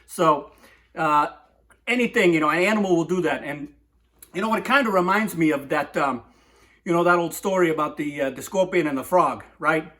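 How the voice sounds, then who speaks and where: Rambling man with a slightly high voice. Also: moderate pace, bright, forceful tone. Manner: rambling, digressive, lots of "right?". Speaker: comic poetry host. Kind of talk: rambling comic monologue.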